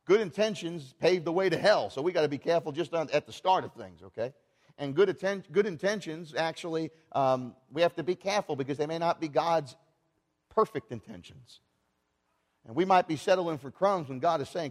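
A man preaching a sermon in church, animated and asking the congregation rhetorical questions. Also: on the high side, fairly quick, long reverb tail. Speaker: pastor.

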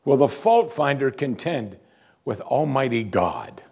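A man voicing God as a stern, almighty speaker, slow, solemn and commanding. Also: mid-range voice, big pitch swings, creaky, a little mellow, slightly rough, exaggerated voice.

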